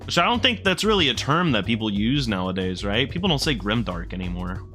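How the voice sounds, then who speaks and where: A man's voice: lowish voice, big pitch swings, a little fast, over music. A man casually commenting while playing a video game, rambling, joking and swearing as he answers his chat. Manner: rambling, profane, jokey, talks to chat. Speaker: gaming streamer. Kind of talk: casual let's-play commentary.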